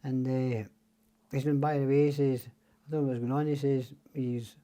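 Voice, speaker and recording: Gruff Scottish man spinning a yarn. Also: mid-range voice, flat delivery, normal speed, mellow. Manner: swears freely, acts out quoted voices. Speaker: podcast guest. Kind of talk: casual storytelling.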